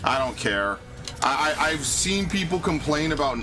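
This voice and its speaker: A man's voice: fairly high pitch, sing-song, moderate pace. A man streaming a video game, talking casually in a profane, grumbling, ranty way. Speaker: gaming streamer. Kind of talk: casual live-stream commentary. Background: game music.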